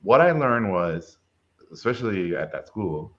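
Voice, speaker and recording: A man's voice: deep voice, unhurried. A middle-aged man, a film director, telling a personal story in a casual interview and acting out the people in it. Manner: lively storyteller who acts out voices. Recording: dull lo-fi sound.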